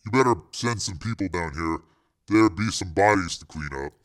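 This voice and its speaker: A man reads a crime novel aloud in a low, pushed-down voice with lively intonation at normal speed. He voices Ice, a tough, menacing male hitman who speaks in clipped street slang.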